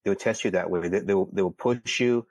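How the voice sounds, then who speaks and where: A man's voice: low voice, fast talker, darkish tone, no echo. A man from California, a podcast guest, telling a personal story casually, stumbling and repeating words. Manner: repeats words, heated when retelling.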